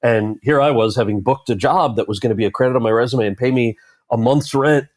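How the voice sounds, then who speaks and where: A man's voice: medium pitch, fairly quick, no room sound. A man, an actor telling a story as an interview guest and voicing the people in it. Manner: animated anecdote-telling, quoting others in character. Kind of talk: conversational storytelling.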